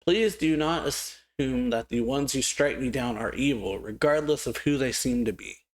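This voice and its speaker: A man reading out the lines of a solemn old male scientist, slow and measured. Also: medium pitch, lightly acted.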